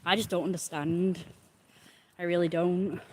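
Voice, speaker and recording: A woman's voice: level tone, unhurried, very noisy. Woman rambling on a phone livestream. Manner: baby-talks to a cat in a high coo, then rambles earnestly. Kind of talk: casual livestream chat.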